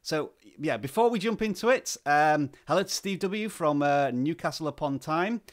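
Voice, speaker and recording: A man hosting a live stream, greeting viewers by name and talking at a slow, relaxed, deliberate pace with plenty of "uh" fillers, into a desk microphone. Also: a little high. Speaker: livestream host. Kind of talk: live-stream chat, reading out viewer names.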